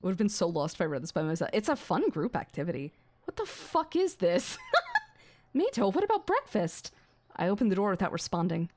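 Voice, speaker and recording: Young woman, game streamer, reads a visual novel aloud, excitable, curses a lot, swooping animated pitch. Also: quick pace. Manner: excitable, swearing, gasping and laughing.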